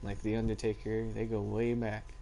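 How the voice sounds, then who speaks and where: A man's voice: on the low side, level tone, normal speed, vocal fry, warm tone, slight background noise. A teenage boy chatting casually and rambling as he tells stories in a vlog. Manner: rambling, laid-back storytelling. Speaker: vlogger. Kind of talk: casual chat.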